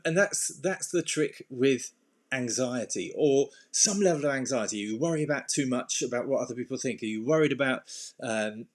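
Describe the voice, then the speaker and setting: Brief: male coach, informal and rambling, plenty of fillers and restarts, mid-range voice, now and then a playful burst. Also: mid-range voice. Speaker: anxiety and self-esteem coach. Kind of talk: casual talk to camera with slides.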